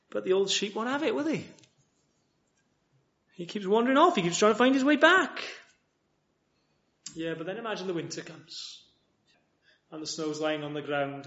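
Male preacher, high voice, earnest sermon, loud appeals and hushed asides, dull lo-fi sound. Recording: dull lo-fi recording.

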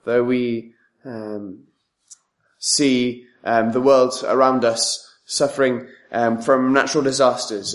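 A man preaching a sermon in a measured way, leaning on tag questions and pausing with frequent ums. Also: medium pitch.

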